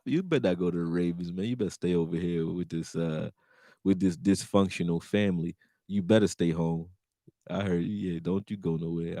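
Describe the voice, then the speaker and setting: A man hosting a casual sports livestream, laughing, talking slang, and reacting to viewers' chat comments in an animated way. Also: deep voice, no echo, studio quality.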